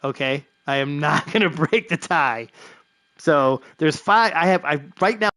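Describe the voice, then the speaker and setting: A man's voice: fairly high pitch, lively intonation, measured pace, sharp tone, no echo. Rambling male streamer, dry close mic. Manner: loose and rambling, with frequent fillers and chuckles. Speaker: streamer running a live baseball franchise game. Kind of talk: casual live-stream commentary.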